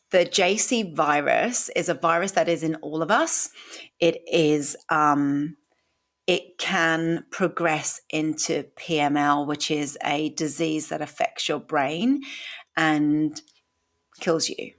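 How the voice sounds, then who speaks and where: A woman in her forties speaks slowly in a low voice. Hosting a podcast, she tells her own story in a monologue that is candid and emotional, with casual swearing.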